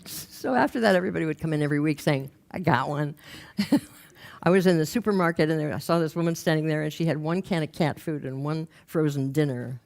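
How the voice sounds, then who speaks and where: A woman from Los Angeles, a workshop leader, telling an anecdote from her groups in a lively way and mimicking the people she quotes. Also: low-pitched, fast, gravelly. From Los Angeles, United States. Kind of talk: anecdotal storytelling talk.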